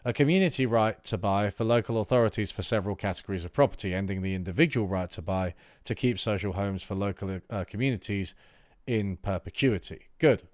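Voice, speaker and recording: A man's voice: on the low side, a little fast, a little mellow, no echo, studio quality. A man reading political text aloud on a livestream, stopping for loose, rambling asides with fillers. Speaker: streamer reading political manifestos.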